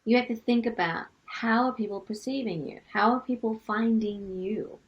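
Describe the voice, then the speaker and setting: A woman's voice: on the high side, moderate pace, lo-fi sound. A middle-aged woman from Australia with a light Australian accent, coaching music artists on business and asking lots of rhetorical questions. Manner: energetic, asks many rhetorical questions. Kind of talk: teaching to camera.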